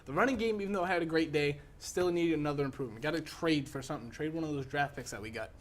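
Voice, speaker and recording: A young man co-hosting a casual sports debate, excitable and joking, often talking over his partner. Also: fairly high pitch, rapid-fire. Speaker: co-host.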